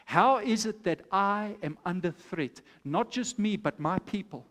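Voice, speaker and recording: A man's voice: high voice, animated, unhurried, a bit bright, pitched below the performer's own voice. A preacher voicing a pleading queen. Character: pleading young queen, bold woman.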